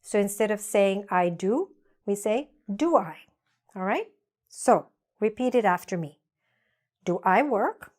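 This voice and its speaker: A woman teaching English grammar in a patient way, saying example sentences slowly so learners can repeat them. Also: medium pitch, animated, a little mellow. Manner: slow, patient, spells out examples slowly for repetition. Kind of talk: grammar lesson with repeat-after-me drills.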